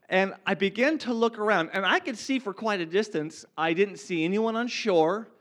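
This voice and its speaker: High, lively-voiced man giving testimony. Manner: earnest storytelling that builds from quiet to impassioned. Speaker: speaker sharing a personal testimony. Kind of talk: testimony told to a congregation.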